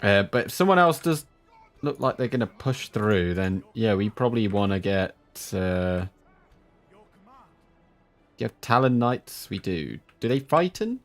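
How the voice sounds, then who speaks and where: Slow-talking male game streamer. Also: lowish voice, soft background music. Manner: chatty, talks to stream chat between sudden excited outbursts. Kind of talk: live gameplay commentary.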